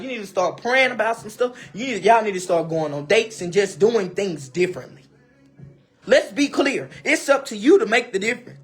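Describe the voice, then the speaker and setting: A woman talks straight into her live stream with a husky, slightly breathy voice, pressing her advice on listeners in repeated, emphatic phrases. She calls her audience baby, and soft music plays faintly behind her. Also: medium pitch. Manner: speaks to viewers directly, calls them baby. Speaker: livestreamer. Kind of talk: casual live-stream monologue.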